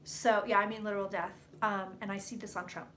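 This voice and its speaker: A woman psychic doing live predictions on a stream, talking bluntly and profanely in quick, rambling bursts. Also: mid-range voice, little pitch movement, a bit bright, slight background noise.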